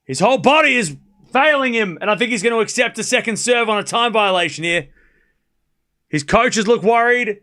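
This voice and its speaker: A man's voice: sits high, animated, moderate pace, pushed and bright. A man hosting a live watchalong stream, calling the play and reacting bluntly, swearing freely. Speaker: streamer host.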